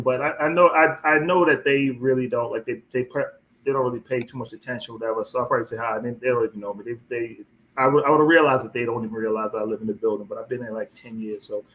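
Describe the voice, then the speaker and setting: A man's voice: mid-range voice, quick pace, low-quality recording. Rambling man telling a story on a live chat. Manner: rambling, repeats words, animated when quoting. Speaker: host.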